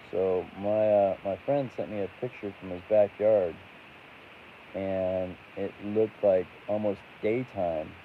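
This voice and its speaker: A man hosting a casual late-night livestream and chatting with viewers, rambling and halting with lots of fillers. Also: low voice. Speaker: livestream host. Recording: tinny phone-like audio with faint hiss.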